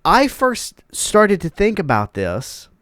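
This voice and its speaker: A man's voice: high-pitched, wildly swooping pitch, slow pace, a bit bright, dry recording, studio quality. A congested man hosting his own channel, giving emphatic, opinionated commentary and repeating key words for effect. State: congested, stuffed-up nose. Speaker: channel host.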